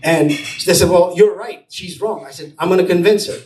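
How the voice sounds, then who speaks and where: A man, a film producer, tells an animated story to an audience at an event, acting out what people said. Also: high voice, a little fast, far from the mic, a little hiss or hum. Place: event space. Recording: echoey room, voice from afar.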